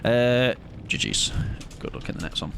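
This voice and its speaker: A man's voice: medium pitch, big pitch swings, moderate pace, vocal fry, fairly bright tone, a little hiss or hum. A British man streaming a game live, rambling and joking with his viewers in casual chat. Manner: rambling, jokey, chats with viewers.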